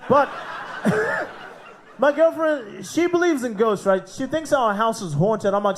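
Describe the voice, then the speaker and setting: A man's voice: extremely high pitch, animated, unhurried, pauses often, slight background noise. An Australian man hosting a live comedy night and doing crude stand-up, swearing and laughing at his own jokes. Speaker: comedy show host and comic. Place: live comedy club stage.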